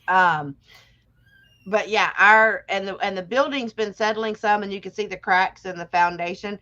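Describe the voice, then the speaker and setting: A woman's voice: mid-range voice, sharp tone. Live co-host: woman, medium voice, frank and rambling, dull lo-fi recording. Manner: chatty and candid, with frequent fillers. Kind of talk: casual chat.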